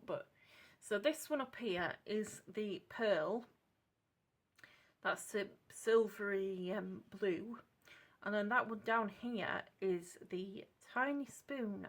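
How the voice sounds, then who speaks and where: A woman with a British accent chatting at her home craft desk while she tests paints. She rambles, corrects herself and drops into soft asides. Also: medium pitch. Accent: British English. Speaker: craft channel host testing paints. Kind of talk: casual craft demonstration chat. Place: home craft desk lit by a clip-on lamp.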